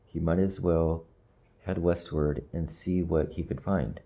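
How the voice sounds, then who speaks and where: A man reading a storybook aloud in slow, measured audiobook narration. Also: low voice, steady tone, warm tone.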